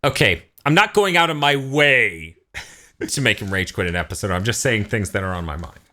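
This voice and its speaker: A man's voice: lowish voice, animated, brisk, sharp tone. A man co-hosting a casual podcast, recapping an episode and acting out the characters' lines in goofy voices. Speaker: podcast co-host.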